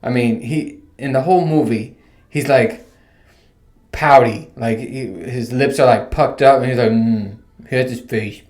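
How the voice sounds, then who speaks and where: A man's voice: mid-range voice, measured pace. A man in his thirties hosting a casual solo podcast, ranting and telling stories with plenty of swearing. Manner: animated, profane, rambling storytelling. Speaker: podcast host. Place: home room with bare walls. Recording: echoey untreated room.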